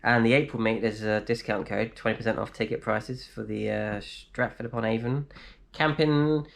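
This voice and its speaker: A man's voice: on the low side, fairly even intonation, normal speed, vocal fry. Chatty man answering live chat. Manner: chatty, reads out comments and replies, laughs easily. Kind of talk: casual live stream chat. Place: indoors in a flat.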